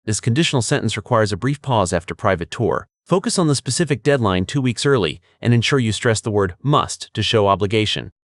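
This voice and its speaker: A man's voice: lowish voice, animated, dry recording. Man coaching test prep in a dry, close voice. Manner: clear, measured coaching delivery. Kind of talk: scripted instructional narration.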